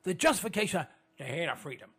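Gravelly indignant man ranting, animated pitch. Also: fast talker. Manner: indignant, rambling, with many restarts. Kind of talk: monologue to listeners.

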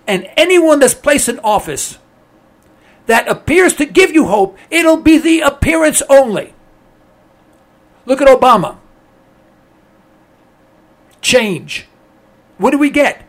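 A man's voice: very high-pitched, very animated, slow pace, long pauses. A man giving a blunt, emphatic ranting monologue on politics, sarcastic and repetitive, hammering his points again and again. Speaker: political commentator.

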